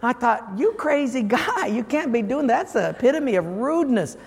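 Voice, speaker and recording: A man preaching a humorous sermon as pastor, telling a story with lively energy and acting out the voices of the people in it. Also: very high voice, normal speed, creaky, breathy edge. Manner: animated, acts out quoted callers. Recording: long hall reverb, faint room noise.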